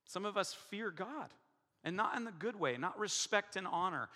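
A middle-aged male pastor preaches in a raised, bright voice, acting out the people in his story. His pitch leaps and dips with animation. The sound carries a long echo from a large church hall. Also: expressive, moderate pace. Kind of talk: sermon with personal story.

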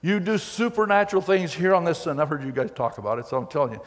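A man preaching a sermon as pastor, telling the story in a folksy, animated way with acted quotes. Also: fairly high pitch, quick pace. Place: church hall. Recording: long hall reverb.

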